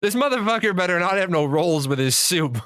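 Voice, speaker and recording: A man's voice: high voice, expressive, brisk, a bit bright, smooth, dry recording, studio quality. A man streaming live, ranting with lots of swearing and frequent restarts as he talks to his chat. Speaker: gaming streamer. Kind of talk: profane live-stream rant.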